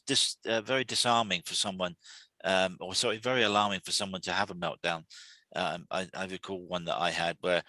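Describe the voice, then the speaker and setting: A man hosting a weekly talk series, explaining calmly in a halting way, often repeating words and restarting. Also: deep voice, no room sound. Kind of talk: solo talk to camera.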